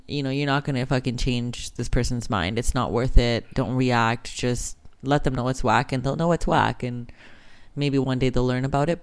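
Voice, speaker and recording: A woman's voice: very deep voice, smooth. A Canadian woman in her thirties hosting a podcast, talking frankly and casually, with swearing. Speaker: podcast host.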